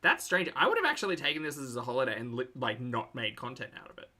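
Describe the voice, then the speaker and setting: A woman's voice: a bass voice, sing-song, fast, bright, forceful tone. A woman streamer in casual, wry commentary, laughing often as she reacts to videos and reads chat.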